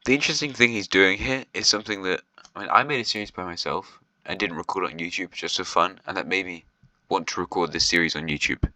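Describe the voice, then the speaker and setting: A man's voice: low voice, fast, few pauses, pushed and bright, dry recording, low-quality recording. A man giving casual, rambling commentary on a video series, chatty and half-joking, with lots of ums and restarts. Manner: half-joking, with short laughs.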